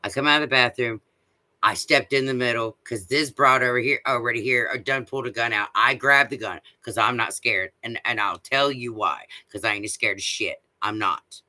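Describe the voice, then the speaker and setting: A man delivers a blunt, profane rant straight to camera, with a piercingly bright, cutting voice. He hammers his points home with repeated rhetorical questions. The sound is bone-dry, with no room around it. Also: mid-range voice, normal speed, no echo. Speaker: vlogger. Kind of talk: casual ranting monologue.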